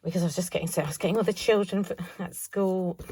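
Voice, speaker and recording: A woman's voice: fairly low pitch, steady tone, fast talker, warm tone, slight background noise. A woman showing her craft haul in a casual, chatty vlog, thinking aloud with self-mocking asides. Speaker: craft vlogger.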